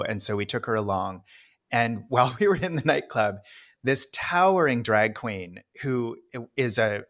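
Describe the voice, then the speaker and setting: A man co-hosting a podcast, telling an amused, measured anecdote. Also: fairly low pitch, a bit bright. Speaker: podcast co-host. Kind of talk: casual storytelling chat.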